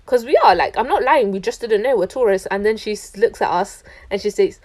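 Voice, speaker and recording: A young woman tells a travel story straight to camera. She sounds chatty and indignant, and her sentences are full of "like". Her pitch sits in the middle range. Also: animated, a little fast, hardly any pauses, darkish tone. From London, England. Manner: chatty, indignant, heavy use of "like". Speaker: traveller recounting a trip.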